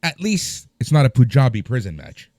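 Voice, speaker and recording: Wry male co-host with a lively voice. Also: mid-range voice, moderate pace, dry recording, clean studio sound. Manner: wry, interjecting. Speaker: podcast co-host. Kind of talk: casual chat.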